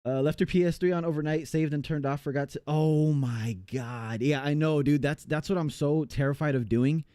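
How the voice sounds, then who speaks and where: A man's voice: on the high side, steady tone, brisk, dark tone, clean tone, no echo, studio quality. A man from the United States chatting casually on a live game stream, rambling and reading chat aloud with many fillers.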